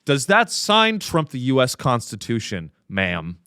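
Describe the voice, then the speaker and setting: A man voicing a smug, confrontational male activist who talks slowly and menacingly. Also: medium pitch, huge pitch swings, sharp tone, clear, resonant tone, dry recording, studio quality, voice pushed down, full character voice.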